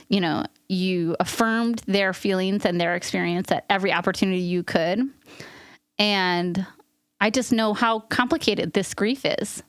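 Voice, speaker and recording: A woman's voice: medium pitch, fairly even intonation, moderate pace, smooth, dry recording, studio quality. Earnest, emotional woman podcast co-host. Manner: emotional, earnest, rambling with restarts. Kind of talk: casual chat.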